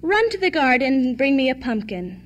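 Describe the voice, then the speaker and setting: A magical fairy godmother in a storybook fairy tale, kind yet firm in her instructions, as a woman reads her. She speaks with unhurried assurance in a high voice. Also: sing-song, lo-fi sound. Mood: commanding.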